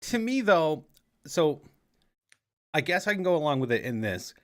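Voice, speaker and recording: A man's voice: on the high side, very animated, moderate pace. An American man co-hosting a podcast, rambling through a casual conspiracy chat with jokey asides. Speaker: podcast co-host.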